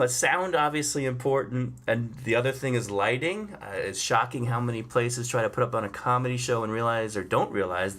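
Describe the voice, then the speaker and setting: Male comedian, lowish voice, relaxed storyteller with many ums. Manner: chatty, unhurried, with frequent fillers and laughs. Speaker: stand-up comedian. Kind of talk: storytelling monologue.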